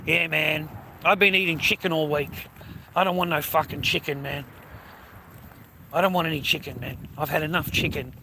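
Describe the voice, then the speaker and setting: A man's voice: a little high, fairly even intonation, normal speed, long pauses. A man with an Australian accent, vlogging casually from city streets, rambling and swearing often. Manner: rambling, swears a lot, says "man" and "mate". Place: outdoors on city streets and on a bus. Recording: loud traffic noise outdoors. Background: traffic noise.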